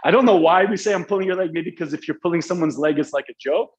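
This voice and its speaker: Male English teacher, fairly high voice, slangy and jokey, dull lo-fi stream audio. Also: quick pace. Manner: casual, joking, slangy. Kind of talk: live online class. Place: Dubai.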